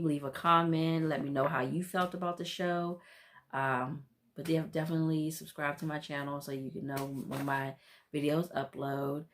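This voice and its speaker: A woman vlogger recapping a reality TV episode in a casual, animated way, often exclaiming in disbelief and saying um a lot. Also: low voice, slight background noise.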